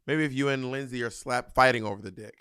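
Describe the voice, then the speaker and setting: A man co-hosting a comedy podcast, teasing and quick with deadpan asides. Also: medium pitch, clear, resonant tone. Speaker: podcast co-host. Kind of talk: casual comedic chat.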